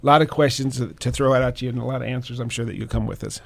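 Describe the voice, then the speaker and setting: A man co-hosting a radio talk show, speaking haltingly with many fillers. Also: mid-range voice, fairly even intonation, gravelly, no room sound.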